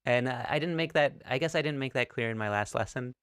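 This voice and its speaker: A man giving a relaxed, encouraging online go lesson, with a playful streak. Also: mid-range voice, quick pace, smooth, dry recording, clean studio sound. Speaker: go teacher.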